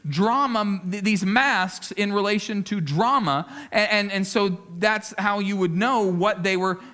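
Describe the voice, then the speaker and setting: A male lead pastor preaching a sermon, swinging between loud emphasis and hushed appeals, often repeating words as he gathers his thoughts. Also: high voice, unhurried.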